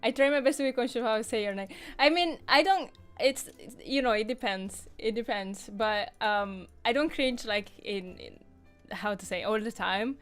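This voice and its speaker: A woman's voice: fairly high pitch, moderate pace, fairly bright tone, faint music behind. A woman with an Italian accent, co-hosting a casual online chat show and laughing often as she talks. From Italy. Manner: chatty, laughs often, many restarts. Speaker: podcast co-host.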